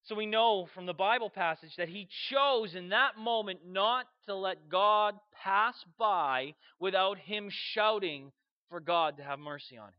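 A man preaching a sermon, telling the story with animated energy, acting out voices and sometimes shouting. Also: high voice, unhurried, highs cut off.

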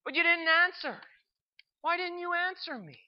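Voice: very high-pitched, normal speed, highs cut off, pitched above the performer's own voice. A storyteller voicing a sad farmer pleading and asking why he was not answered. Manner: pleading, upset.

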